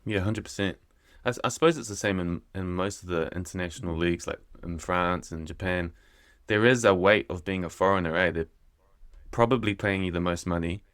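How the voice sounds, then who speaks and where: A New Zealand man with a low, deep voice hosts a relaxed podcast chat, easygoing and full of Kiwi slang. The sound is dry and close, with almost no room around him. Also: dry recording. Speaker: podcast host. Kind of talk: casual conversational interview.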